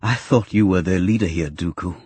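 A man voicing a captive male knight who keeps his voice steady and dry. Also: lowish voice, moderate pace, slightly rough, no echo.

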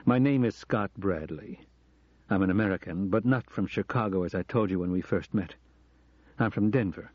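Earnest confessing professor, read by a man: low, mellow, dry and a bit dull. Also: normal speed, dry recording. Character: middle-aged American professor confessing, earnest. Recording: dull lo-fi audio.

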